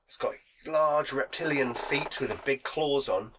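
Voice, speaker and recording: A man's voice: medium pitch, a little slow, noisy background. A man with a cold, running a tabletop game as game master and narrating the scene with a laugh in his voice. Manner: laughing, playful scene-setting. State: has a cold.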